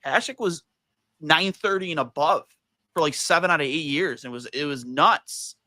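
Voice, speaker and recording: Podcast guest guy, bright tense voice, dry sound, gets worked up. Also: a little high, normal speed, no echo. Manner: animated, heated storytelling with fillers. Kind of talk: casual chat.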